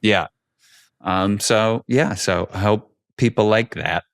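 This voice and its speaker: A man's voice: on the low side, slow, creaky, no room sound, studio quality. A man in his thirties co-hosting a podcast, talking in a reflective, hesitant way with many fillers. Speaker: podcast co-host. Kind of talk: casual chat.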